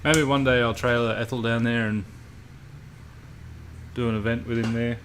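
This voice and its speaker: A man's voice: medium pitch, fairly even intonation, normal speed, fairly bright tone, a little hiss or hum. A man hosting a live stream, chatting casually and bluntly with viewers and swearing freely. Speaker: livestream host.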